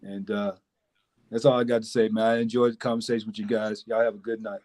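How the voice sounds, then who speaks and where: Man, mid pitch, measured, hesitant, casual sign-off. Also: flat delivery, darkish tone. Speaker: panel guest. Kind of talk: casual closing remarks.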